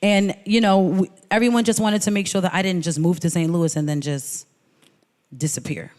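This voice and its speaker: Lively woman telling stories in a reverberant hall. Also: medium pitch, a little fast. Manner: lively storyteller, quotes people in voices. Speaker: guest musician. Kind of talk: artist talk conversation. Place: hall at a museum.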